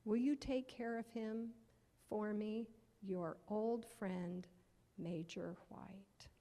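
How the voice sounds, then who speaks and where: A woman voicing a kindly older gentleman, speaking slowly and gently as she reads out his note. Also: medium pitch, steady tone, in a large hall, close to an everyday voice. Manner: slow, gentle and measured.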